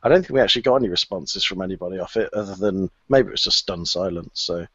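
A man's voice: deep voice, fast, a bit bright, breathy edge, no room sound. A man co-hosting a casual podcast, chatty, with frequent fillers and easy laughter. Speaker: podcast co-host. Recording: dull lo-fi podcast audio.

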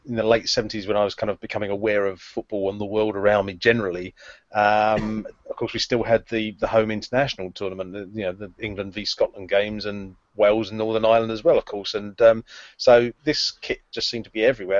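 A man's voice: fairly low pitch, little pitch movement, fast talker, dry recording. A man co-hosting a podcast, leading the casual chat with lots of ums and uhs. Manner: chatty, hesitant with frequent ums and uhs. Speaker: podcast co-host leading the discussion. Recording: dry, dull lo-fi sound.

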